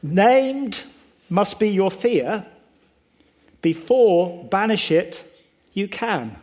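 Wise old backwards-talking alien sage, as a male preacher puts him on, pitched up, slow and deliberate. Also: expressive, darkish tone, heavily acted. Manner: inverted word order, slow, deliberate.

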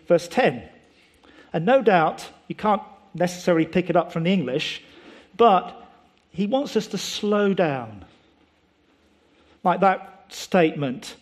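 A man's voice: high voice, measured pace. A man preaching a sermon, explaining scripture emphatically and posing rhetorical questions to his listeners.

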